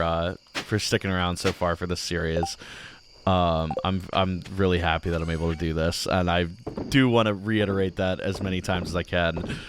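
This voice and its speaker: A man's voice: deep voice, fairly bright tone, a little hiss or hum. A man hosting a gaming channel, rambling casually through let's-play commentary with many filler words.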